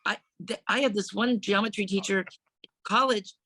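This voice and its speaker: A woman in her sixties, a comedian guest on a podcast, telling stories in casual chat with a deadpan delivery, acting out quoted voices. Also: medium pitch, moderate pace, no echo.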